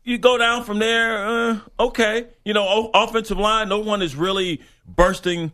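Guy on sports radio rambling about the draft, bit of a higher voice, lots of uh and restarts. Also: fairly even intonation, normal speed, bright, forceful tone. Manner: rambling, many restarts and fillers. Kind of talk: casual sports talk.

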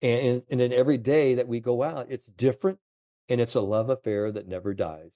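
A man in his seventies, a golf confidence coach, telling animated stories in an interview, full of "you know". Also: mid-range voice, fairly quick, no echo, studio quality. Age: 70s. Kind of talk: storytelling interview chat.

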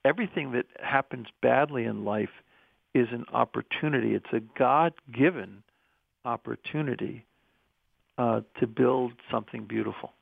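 A deeply gravelly, creaky man talks in an earnest, musing way, often pausing and restarting as he thinks. His voice comes through thin and phone-like, with a dry, close sound. He speaks as a guest in a reflective interview. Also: dry recording. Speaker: interview guest, medical school researcher.

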